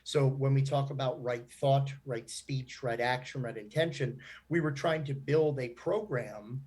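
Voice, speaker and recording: A man's voice: mid-range voice, measured pace, darkish tone, husky. A man who founded a nonprofit, answering panel questions in a chatty way with lots of fillers. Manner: chatty, laughs often, many fillers.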